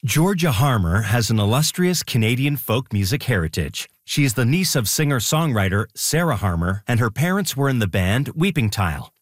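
Lively male radio announcer, dry sound. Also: medium pitch, no echo. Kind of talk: scripted promo.

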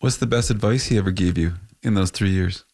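A man's voice: sits low, fairly quick, creaky, darkish tone. A man interviewing a guest, asking questions in an easygoing, conversational way.

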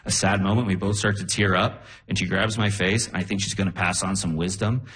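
A man telling stories on a live comedy stage in an animated way, into a handheld stage mic. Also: sits low, a little fast. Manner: animated, storytelling. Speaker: stand-up comedian. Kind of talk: stand-up comedy set.

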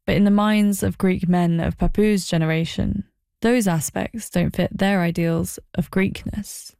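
A woman giving a scripted documentary voice-over in a measured, reflective and wry manner. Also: medium pitch, steady tone, gravelly, dark tone, smooth, no echo, studio quality. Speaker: documentary narrator.

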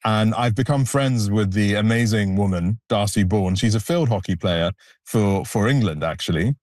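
Low-ish guy, earnest and reflective interview guest, dry close mic. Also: moderate pace, a little mellow, no echo. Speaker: photographer, guest. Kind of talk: conversational interview answers.

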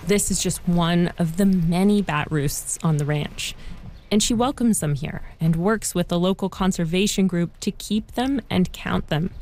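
A woman reporter giving a measured, scripted narration for a news feature. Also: on the low side, a little mellow. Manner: measured, clear storytelling delivery.

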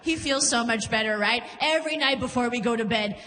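A woman in her thirties doing stand-up, with a high, bright voice. She is animated and punchy and laughs through her lines, and a long hall reverb trails behind her. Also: brisk. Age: 30s. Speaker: stand-up comedian. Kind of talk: stand-up comedy set.

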